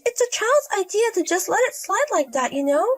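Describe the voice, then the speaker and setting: A woman voicing a bossy, spiteful pregnant young sister-in-law who yells insults in a storybook. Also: extremely high pitch, very animated, fairly quick. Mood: scornful. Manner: scornful, yelling insults.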